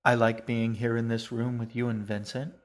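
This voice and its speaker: A man voicing a gentle, talkative young queen in a storybook reading, speaking in a sing-song, fond way. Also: mid-range voice, level tone, moderate pace, lightly acted. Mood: dreamy.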